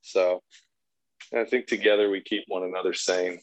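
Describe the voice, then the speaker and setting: A man in his thirties with a very low voice chats as a podcast guest. He tells crude, self-deprecating stories about family life, swearing freely in a relaxed, easygoing way. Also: normal speed, rough recording. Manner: profane storytelling, self-mocking humor. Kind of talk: casual chat.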